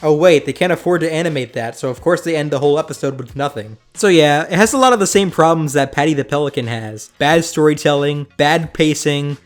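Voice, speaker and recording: A man's voice: on the high side, fast talker, hardly any pauses, faint music behind. A young man hosting a sarcastic review of old cartoons. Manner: sarcastic, mocking. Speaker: host.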